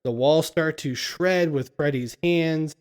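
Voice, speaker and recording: Man, fairly high voice, casual film recap, chuckles through it, podcast co-host. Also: slow, darkish tone, clean tone. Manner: laughs often while retelling scenes.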